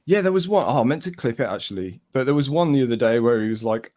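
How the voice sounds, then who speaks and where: A man's voice: medium pitch, animated, fast, darkish tone. A man co-hosting a casual livestream podcast, rambling with lots of filler words and dry humor. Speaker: co-host.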